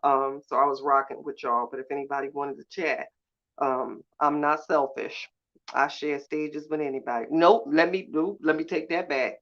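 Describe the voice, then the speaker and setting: A woman's voice: sits low, steady tone, normal speed, fairly bright tone. A woman hosting a casual live chat with viewers, sassy and blunt, cursing freely and laughing often. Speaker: live-stream host. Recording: slightly dull lo-fi sound.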